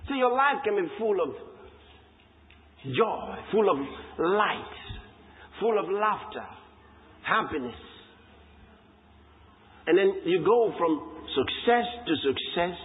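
A man's voice: high-pitched, expressive, slow pace, pauses often, slight background noise. A man preaching a sermon, emphatic and repetitive, breaking into exclamations of praise. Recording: tinny lo-fi hall recording.

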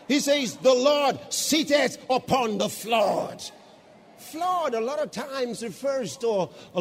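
A man preaching a sermon, moving from calm Bible teaching to loud shouts of praise. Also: very high voice, long reverb tail, a little hiss or hum. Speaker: pastor.

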